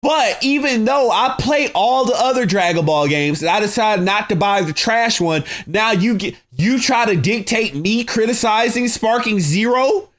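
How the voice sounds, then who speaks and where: Man, high-pitched voice, heated livestream rant, mocking, slangy, combative. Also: lively intonation, normal speed, few pauses, fairly bright tone. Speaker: livestream host.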